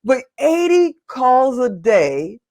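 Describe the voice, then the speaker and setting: A woman hosts a casual interview podcast and teases her guest in a playful way. Her voice is a bit higher than most women's, and she cuts in freely with questions. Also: sing-song, takes it slowly, a little mellow. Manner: playful, teasing, jumps in to interrupt. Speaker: podcast host.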